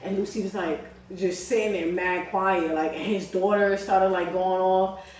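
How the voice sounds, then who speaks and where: A young woman tells a story in casual chat, in an animated and profane way, full of fillers. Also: medium pitch, measured pace, slight background noise. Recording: echoey room, far from mic.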